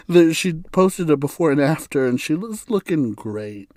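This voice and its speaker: A man hosting a solo podcast speaks his mind in a candid, blunt monologue, swearing freely and breaking into laughter. His voice sits somewhat high for a man. The sound is dry and close, with no room echo. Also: lively intonation, a little slow, few pauses, darkish tone. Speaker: podcast host.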